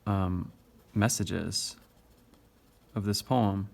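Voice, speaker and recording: A man's voice: low voice, fairly even intonation, very slow, gravelly. A male teacher explaining poetry step by step in a recorded lesson, tapping out the stressed beats as he reads.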